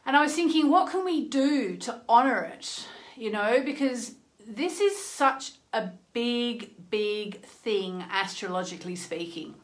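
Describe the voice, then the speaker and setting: Slow-talking woman hosting a phone livestream. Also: fairly high pitch, animated. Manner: chatty and earnest, many "you know" asides. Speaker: astrology livestream host. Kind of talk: casual livestream chat.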